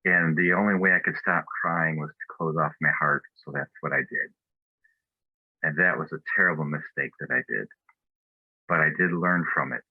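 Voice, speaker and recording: A man's voice: very deep voice, steady tone, normal speed, no room sound, phone-quality sound. A man giving a personal testimony at a spiritual fellowship, telling his story in an earnest, reflective way.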